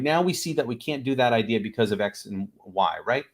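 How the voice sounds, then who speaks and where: Animated man telling improv stories. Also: mid-range voice, a little fast, hardly any pauses. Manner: animated, acts out little voices in his stories. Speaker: improv teacher and guest. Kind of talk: casual interview chat.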